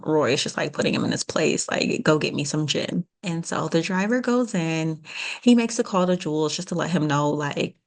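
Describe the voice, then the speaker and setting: A woman co-hosting a podcast, casually recapping a TV episode and acting out the characters' lines. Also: deep voice. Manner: animated retelling with quoted voices. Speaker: podcast co-host.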